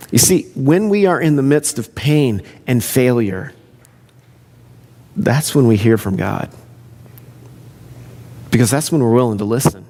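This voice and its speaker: A man's voice: mid-range voice, expressive, a little slow, pauses often, warm tone, big-room sound. A man pastor preaching a sermon in an earnest, conversational way. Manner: conversational, earnest, self-interrupting.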